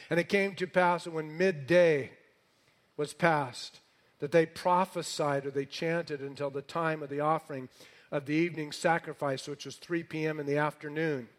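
A middle-aged male pastor preaching a sermon, reading scripture dramatically and telling it with sarcastic humor. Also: fairly high pitch. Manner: animated storytelling with sarcastic humor.

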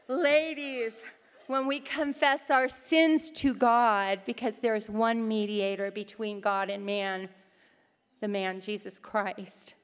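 A middle-aged woman teaching a women's Bible study, telling personal stories with lively voices for the people in them. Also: a little high, slow, clean tone, in a large hall. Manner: animated storytelling, acting out quoted voices.

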